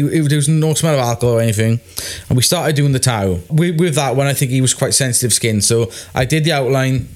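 A man, a tattoo artist telling a story in a casual podcast chat, animated and full of swearing. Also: medium pitch.

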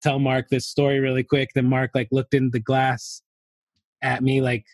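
A man's voice: mid-range voice, monotone, normal speed, dry recording. A man telling a rambling story to a podcast host, laughing often and leaning on fillers. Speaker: podcast guest. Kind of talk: casual anecdote telling.

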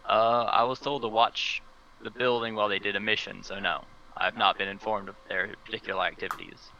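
A man playing his character in a tabletop game, talking hesitantly with stammers and sudden leaps in pitch. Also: fairly even intonation, brisk, bright, forceful tone, highs cut off. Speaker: player.

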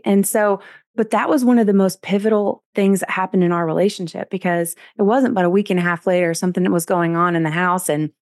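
A woman hosting a podcast, telling a personal parenting story in a candid, animated, self-deprecating way. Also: fairly low pitch, fast, dry recording, clean studio sound. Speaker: podcast host.

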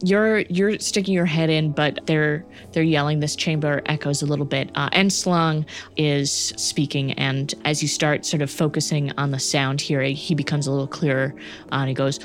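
A young woman narrating a tabletop game as game master, relaxed and hesitant. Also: low voice, normal speed, faint music behind. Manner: relaxed, hesitant, many fillers.

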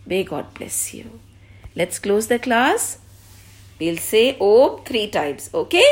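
A woman telling stories to a children's class, slowly and encouragingly. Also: mid-range voice, sing-song. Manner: warm, encouraging, slow and clear with kids.

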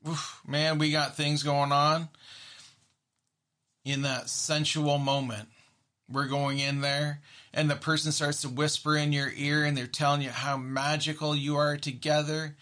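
Man, therapist, casual storytelling monologue, bright voice, slightly high. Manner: storytelling, acts out his own reactions, many restarts. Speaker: therapist and podcast host.

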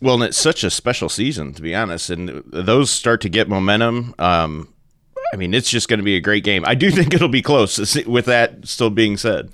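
A former football coach co-hosting sports radio, casual and halting with fillers. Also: male voice, fairly low pitch, animated, a bit bright, a little hiss or hum. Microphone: studio microphone.

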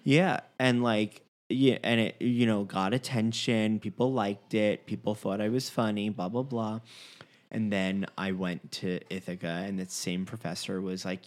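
A young man from Long Island who trained as an actor, chatting casually in a lively, animated way with frequent restarts. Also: on the low side, unhurried. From Long Island, raised in Fort Lauderdale. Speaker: actor and dialect coach. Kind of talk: casual conversation.

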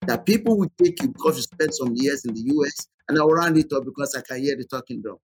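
A man talking as a podcast guest, telling an animated story and often repeating his words. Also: medium pitch, fast, slight background noise. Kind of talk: podcast conversation.

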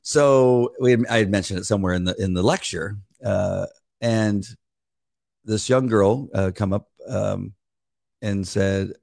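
A man's voice: low-pitched, vocal fry, a little mellow, no room sound, clean studio sound. A man, a former police officer co-hosting a devotional podcast, telling a long story in a rambling way with many restarts. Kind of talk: casual devotional chat.

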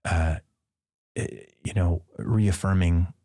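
A man's voice: sits low, fairly even intonation, slow pace, warm tone. A man, a priest and podcast guest, telling a personal story in casual conversation and acting out the dialogue with playful asides. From Midwestern United States.

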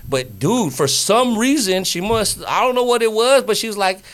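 Slangy animated storyteller man. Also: high-pitched, moderate pace. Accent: Northern California. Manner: slangy, animated storyteller who acts out quotes. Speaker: guest. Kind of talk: casual storytelling.

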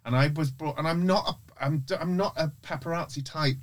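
A man's voice: a little high, fairly quick. An English man, a guest on a casual interview podcast, telling frank, rambling stories that are full of restarts and self-interruptions. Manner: frank, swears freely.

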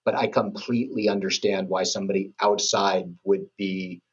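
A middle-aged man talking as a podcast guest, eager and halting, often restarting his sentences. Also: sits low, fairly even intonation, slightly rough, dull audio. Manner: enthusiastic, halting, with many restarts. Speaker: guest, company executive. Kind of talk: casual podcast interview.

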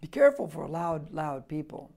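This male pastor's voice is highish and gravelly with a sing-song lilt, moving at a moderate pace. He teaches a Bible passage verse by verse, emphatically, asking rhetorical questions and alternating soft asides with loud emphasis.

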